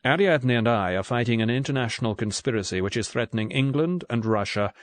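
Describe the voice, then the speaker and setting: A man's voice: medium pitch, expressive, brisk, no echo, close to an everyday voice. A male audiobook reader voicing an earnest English secret agent, urgent and sincere. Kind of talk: audiobook character voice.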